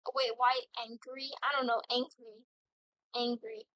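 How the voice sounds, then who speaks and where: Giddy, bright-voiced young woman streamer. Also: fairly high pitch, little pitch movement, measured pace, clean tone, no room sound, highs cut off. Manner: giddy, rambling, talks to herself while playing. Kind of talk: casual gaming stream chat.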